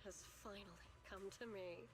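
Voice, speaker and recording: A woman's voice: medium pitch, steady tone, normal speed, over music, natural voice. A woman voicing a fervent female zealot in a game, scornful and preaching. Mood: smug.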